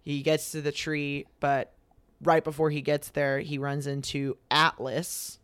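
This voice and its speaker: Smooth-voiced young man telling a story. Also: fairly high pitch, unhurried, no room sound. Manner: animated retelling that acts out quoted lines, lots of fillers. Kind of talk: casual storytelling chat.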